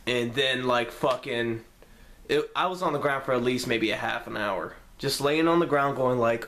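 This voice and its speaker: A young man telling a story to the camera in a casual, profane way, acting out his own lines with sudden jumps in pitch. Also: normal speed, a bit bright. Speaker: vlogger.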